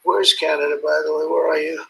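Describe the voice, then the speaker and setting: A man's voice: a little high, flat delivery, brisk, vocal fry, poor audio. A man giving an off-the-cuff ceremonial speech as head of state, rambling, ad-libbing and heaping praise on the leaders he calls out. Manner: rambling, ad-libbing, calling out guests by name; boastful, praising superlatives.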